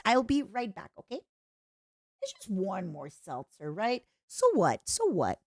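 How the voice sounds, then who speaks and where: A woman streamer chatting casually and reacting to clips, excitable and playful, squealing over cute things. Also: mid-range voice, normal speed, no echo, clean studio sound.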